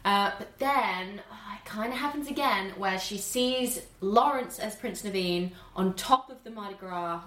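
A woman co-hosting a casual podcast, retelling a film plot quickly and animatedly with lots of fillers. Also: mid-range voice, echoey room. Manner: animated, fast storytelling with many fillers.

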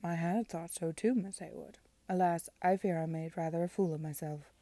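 A man's voice: fairly high pitch, fairly even intonation, normal speed, warm tone, no room sound, close to an everyday voice. A woman reading aloud as a young male lord, earnest and perplexed, in a storybook reading.

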